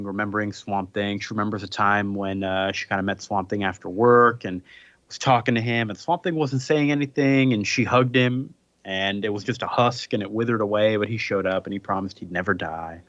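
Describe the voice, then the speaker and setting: A man's voice: fairly low pitch, fairly bright tone, no room sound, dull audio. A man co-hosting a podcast, retelling a comic issue in a loose, rambling way with playful paraphrased quotes. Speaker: podcast co-host. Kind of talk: casual comic recap chat.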